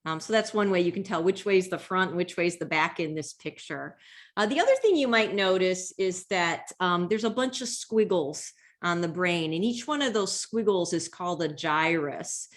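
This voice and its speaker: A woman's voice: lowish voice, expressive, normal speed. Woman giving a patient brain lecture. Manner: explanatory, patient, frequent ums. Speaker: neuroscience lecturer. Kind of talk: slide-based health lecture.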